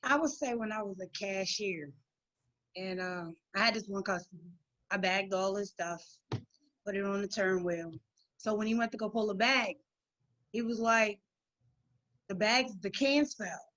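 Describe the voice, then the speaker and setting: A woman's voice: mid-range voice, moderate pace, no echo. Woman guest telling a story, dull sound. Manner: animated storyteller, acting out dialogue. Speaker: guest author. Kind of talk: casual chat.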